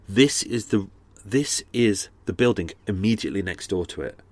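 A man's voice: fairly low pitch, animated, moderate pace, a little mellow, dry recording. A man hosting a true crime podcast, rambling casually with many fillers and restarts. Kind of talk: casual chatty outro.

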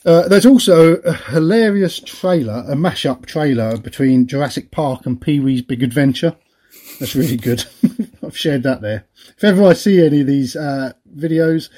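A chatty man co-hosting a podcast, his voice a little husky. He rambles along in casual talk, laughing easily and often. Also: medium pitch, warm tone. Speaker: podcast co-host. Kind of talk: casual chat.

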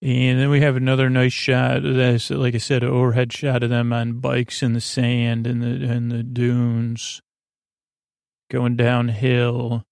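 A man hosting a podcast, casually recapping a show episode in a halting way with many fillers and restarts. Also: medium pitch, monotone, vocal fry, a little mellow, no room sound. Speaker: podcast host.

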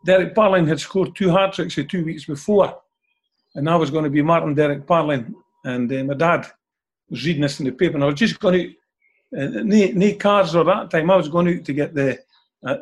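Husky older Scottish man telling stories. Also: a little high, fairly quick. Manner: chatty, ends phrases with "eh?". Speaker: interview guest. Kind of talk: anecdotal storytelling.

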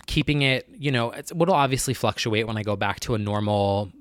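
A man's voice: mid-range voice, brisk, dry recording, clean studio sound. A man talking candidly to his viewers in a personal vlog, with a nasal voice and an earnest, rambling way of talking that keeps correcting itself. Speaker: vlogger.

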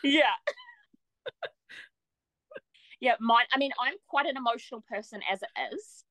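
A young woman tells her story as a podcast guest, bubbly and laughing often. She acts out quoted lines with playful shifts. Her voice sits a little high, and the sound is dry. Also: lively intonation, unhurried, sharp tone, no room sound, low-quality recording. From New Zealand. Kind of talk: casual storytelling.

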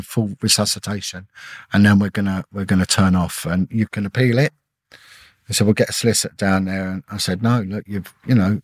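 A middle-aged man, a former detective, telling an emotional personal story in a halting way, repeating words and acting out what people said. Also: lowish voice, breathy edge, no echo. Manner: halting, repeats words, acts out quoted dialogue. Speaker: podcast guest, former police detective.

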